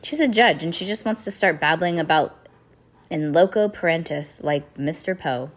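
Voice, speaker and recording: A woman's voice: low-pitched, moderate pace. A woman reading aloud, voicing an earnest, worried teenage girl with a lightly raised voice.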